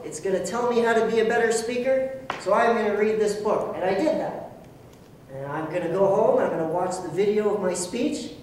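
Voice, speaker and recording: In a high-pitched voice, a motivational speaker addresses a club audience earnestly and self-deprecatingly, acting out his inner voice. He sounds far away in an echoey room with slight background noise.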